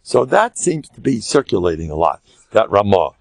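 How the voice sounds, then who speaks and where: Older american rabbi telling stories in a lecture, gravelly voice, jumps up and down in pitch, bragging jokey tone. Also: male voice, big pitch swings, normal speed, a little mellow, no echo. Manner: boastful, joking storyteller; sprinkles Yiddish and Hebrew words. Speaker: rabbi and spiritual mentor. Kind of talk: humorous Torah lecture with stories.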